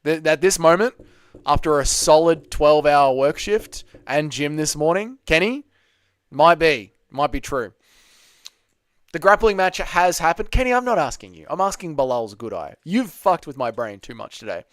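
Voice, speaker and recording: A man's voice: a little high, expressive, moderate pace, a bit bright, no echo, clean studio sound. A man hosting a casual livestream Q&A, reading chat questions aloud and bantering back.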